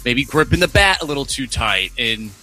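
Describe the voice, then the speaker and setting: Very bright, animated radio co-host. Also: male voice, medium pitch, soft background music. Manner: joking, quick to chime in. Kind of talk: casual sports talk. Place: radio studio.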